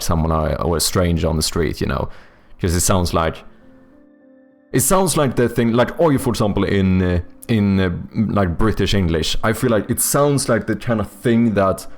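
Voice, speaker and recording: Man, deeper voice, casual stream chatter, swears, faint music behind. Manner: thinks aloud, swears freely, chats to viewers. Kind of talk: casual live-stream chat while playing a word game.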